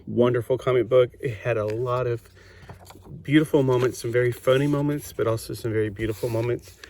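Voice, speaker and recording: A man's voice: medium pitch, a little mellow. A man reviewing an old comic book in a casual, chatty way, enthusiastic and full of fillers.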